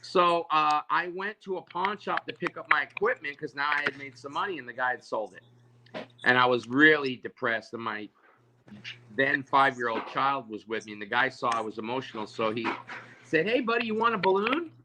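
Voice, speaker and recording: A man's voice: mid-range voice, moderate pace, background noise. A man, a balloon artist guest, chatting casually on a video call and acting out the voices of people in his stories. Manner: animated, acts out quoted voices, stammers on restarts.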